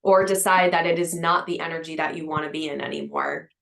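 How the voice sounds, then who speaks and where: A woman co-hosts a casual podcast. Her voice sits low in pitch. She speaks softly and reflectively, affirming what her partner says. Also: flat delivery, brisk, creaky.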